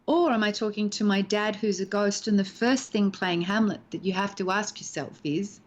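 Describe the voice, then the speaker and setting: A woman in her sixties, an actress appearing as a guest, is interviewed over a video call from home. Her voice is medium-pitched at a normal speed, and the recording is muffled. She talks expressively about acting, acting out lines as she explains in animated interview talk.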